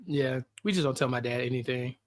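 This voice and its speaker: A man co-hosting a podcast in casual chat, joking and acting out quick quoted skits. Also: medium pitch. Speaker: podcast co-host.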